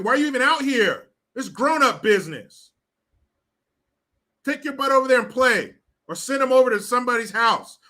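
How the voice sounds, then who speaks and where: A man's voice: high voice, bright, forceful tone. A man delivering blunt, profane, indignant commentary to the camera. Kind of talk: ranting commentary.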